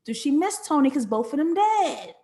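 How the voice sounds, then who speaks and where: Animated woman streaming commentary. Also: high-pitched, normal speed. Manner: thinking out loud, animated, talks back to chat. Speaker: live show host reading chat comments. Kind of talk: casual live-stream commentary.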